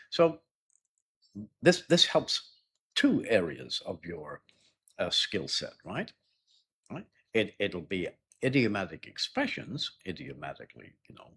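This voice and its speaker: A husky, low-pitched middle-aged man leads a live IELTS speaking lesson in a chatty way. He asks "yeah?" and "right?" along the way and acts out sample dialogues in a raised voice.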